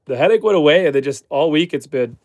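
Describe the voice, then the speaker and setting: A man from Canada hosting a homesteading livestream with a head cold, his voice stuffy and slightly hoarse, chatting upbeat with viewers and his animals. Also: on the high side, lively intonation, fast, darkish tone, no room sound. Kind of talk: casual livestream chat reading viewer comments. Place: chicken coop on a homestead.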